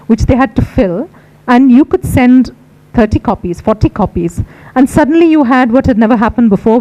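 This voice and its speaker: A woman's voice: medium pitch, mellow, poor audio. A middle-aged woman with an Indian English accent, a book editor giving a conversational, reflective public lecture with anecdotes.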